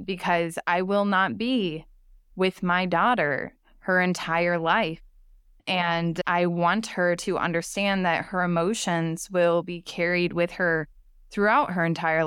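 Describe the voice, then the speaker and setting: A woman hosts a podcast in a lowish, very crisp and resonant voice. She speaks in a measured, thoughtful way and gently encourages her guest. The sound is dry and close. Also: no room sound. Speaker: podcast host. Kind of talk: conversational podcast chat.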